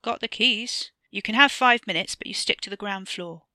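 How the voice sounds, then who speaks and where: A woman's voice: mid-range voice, moderate pace, pushed and bright, no room sound, clean studio sound, lightly acted. A woman reading a short story aloud, voicing a stern, probing older man with a lilting accent. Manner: brusque, probing questions.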